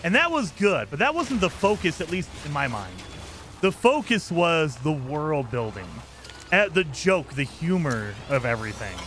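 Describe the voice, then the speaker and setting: Male game streamer, rambling casual chat, highish pitch, very animated intonation. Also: moderate pace, slight background noise. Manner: rambling, enthusiastic, thanks viewers for gifts.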